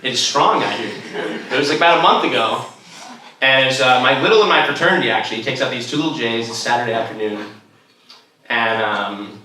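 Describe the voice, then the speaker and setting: A man's voice: medium pitch, fairly quick, bright, forceful tone. A young man telling a rambling stand-up story, full of fillers, to a laughing crowd. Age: young adult. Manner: rambling, filler-heavy delivery. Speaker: stand-up comedian. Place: large echoey room, heard from far off. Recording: echoey room, distant mic, noisy. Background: audience laughter.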